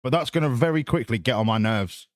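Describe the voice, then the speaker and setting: A man's voice: mid-range voice, quick pace, no echo, clean studio sound. A man streaming a game, chatting casually, swearing and riffing sarcastically while reading chat. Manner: sweary, sarcastic, rambling, reads chat aloud.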